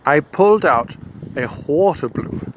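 A man's voice: on the high side, lively intonation, a little slow, slight background noise. A man telling a comic adventure story in the first person, in a pompous, self-satisfied manner.

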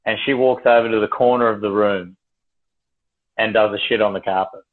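A young man tells a story in loose, rambling chat, swearing freely and laughing along the way. His voice sits a bit low and comes through thin and tinny, as if over a phone line on a livestream. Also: steady tone, fairly quick. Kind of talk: casual spoken storytelling.

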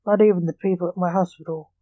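A woman's voice: lowish voice, fairly even intonation, fast, dark tone, no room sound, lightly acted. A woman reading the lines of a curt, irritable male coroner in a story. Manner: curt and snappish.

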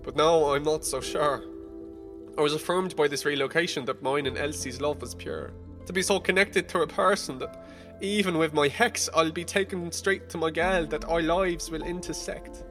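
A young man narrating a rhyming spoken-word story, casual and profane, moving between hushed and heated. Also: on the high side, normal speed, faint music behind. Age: young adult.

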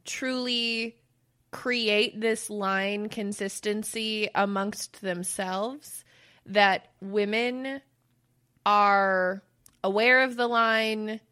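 Woman, slow talker, bright tone, dry jokes, casual podcast. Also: medium pitch, fairly even intonation, smooth. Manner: dry wisecracks, slow and measured. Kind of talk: casual chat.

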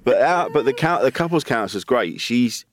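A man in casual chat, telling stories in a halting, rambling way with swearing and frequent laughs. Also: medium pitch, very animated.

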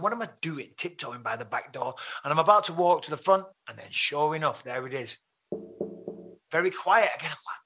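A podcast guest with an English accent and a slightly high, breathy voice tells a long story in casual conversation. He animatedly acts out his own remarks, raising his voice as he quotes himself.

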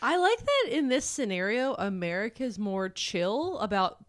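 A woman's voice: fairly high pitch, very animated. A woman co-hosting a podcast, chatting casually and making joking asides. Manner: joking, quick reactions and asides. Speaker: podcast co-host.

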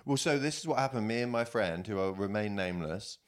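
A man's voice: fairly low pitch, lively intonation, a little fast. A man from England co-hosting a podcast, telling a school anecdote in casual chat and acting out the people in it. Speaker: podcast co-host.

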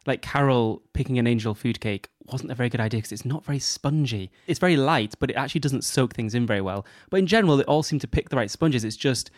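A man's voice: mid-range voice, fast talker, hardly any pauses, no room sound, clean studio sound. A man co-hosting a podcast in casual chat, gossipy and opinionated. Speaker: podcast co-host.

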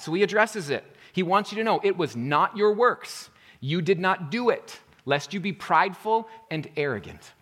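A male pastor preaching a sermon earnestly, rising to emphatic points and then dropping to a quiet intensity. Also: fairly high pitch.

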